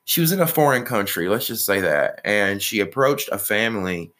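Casual co-host, male, deep-ish voice, loose and profane, lots of restarts. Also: very animated, moderate pace, fairly bright tone. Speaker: podcast co-host. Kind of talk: casual pop-culture chat.

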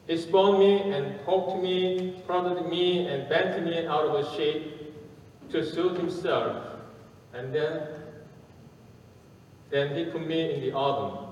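A man preaching a sermon and telling a story, speaking haltingly with pauses and fillers, recorded from far off in an echoey hall. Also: a little high, highs cut off, a little hiss or hum.

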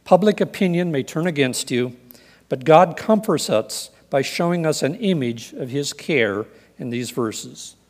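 A man preaching a sermon in an earnest, measured way, reading scripture and telling stories. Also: a little high, expressive, in a large hall. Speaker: pastor.

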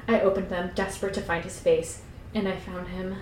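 A woman's voice: fairly low pitch, level tone, fairly quick, roomy sound, a little hiss or hum, rough recording. A young adult woman co-hosting a podcast, who reads a novel aloud and breaks off for giggly, irreverent comments. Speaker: podcast co-host.

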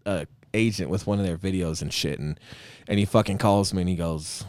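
A middle-aged Marine veteran, appearing as a podcast guest, tells a story in casual conversation with a low voice, slightly fast pace, and no echo. He is animated and swears a lot, acting out what other people said.

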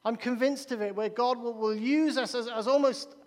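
A man preaching a sermon in a church, emphatic and repeating key phrases, with quick restarts. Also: extremely high pitch, fairly even intonation, a little mellow. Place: large church hall. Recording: long reverb of a large church hall.

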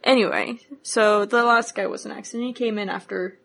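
Gravelly-voiced woman player. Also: medium pitch, steady tone, brisk, a bit bright. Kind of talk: playing her character in a tabletop game.

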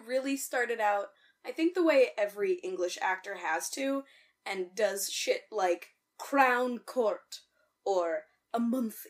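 A woman co-hosting a casual podcast chat, animated and swearing freely, with loud outbursts. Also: medium pitch. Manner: animated, swears a lot, bursts into loud outcries. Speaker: podcast co-host.

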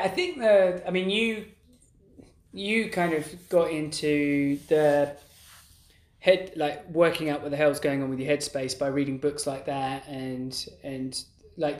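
A man's voice: a little high, fairly even intonation, a little slow. A middle-aged man in casual podcast conversation, talking in loose, rambling sentences full of restarts. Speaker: podcast co-host. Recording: roomy echo.

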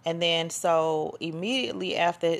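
In a fairly low voice at normal speed, a woman runs her podcast as a chatty, wandering monologue of casual commentary, regularly losing her thread.

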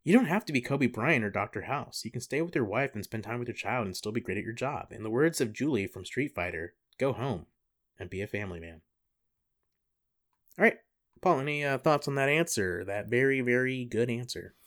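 This is a young man in casual, comedic podcast chat, laughing easily between bits. He reads passages aloud in a dry, deadpan way, with a voice of ordinary, middle pitch. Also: brisk. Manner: joking, laughs often, deadpan readings. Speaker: podcast co-host.

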